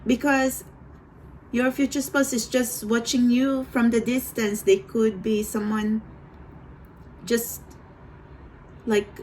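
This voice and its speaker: Woman reading tarot, fairly high voice, slow unhurried talk, rambling with restarts, faint hiss behind. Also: little pitch movement, darkish tone, poor audio. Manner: rambling, hesitant, with many restarts. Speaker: tarot reader.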